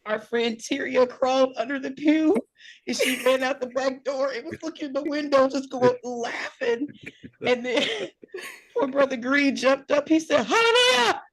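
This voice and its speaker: A woman co-hosting a casual talk show, telling a church story in an animated way and laughing often. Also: sits high, a little slow. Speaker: podcast co-host.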